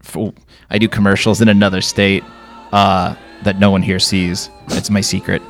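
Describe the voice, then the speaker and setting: A man's voice: low-pitched, level tone, normal speed, soft background music. A man with a Chicago accent, co-hosting a podcast in casual chat, rambling with many restarts. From Chicago area. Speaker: podcast co-host.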